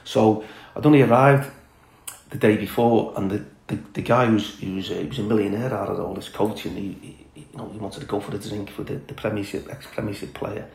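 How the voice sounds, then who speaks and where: A middle-aged former footballer telling blunt, candid stories as a podcast guest, chatty with many fillers. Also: male voice, lowish voice, fairly even intonation, brisk, vocal fry, a little mellow, echoey room, rough recording. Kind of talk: casual storytelling chat.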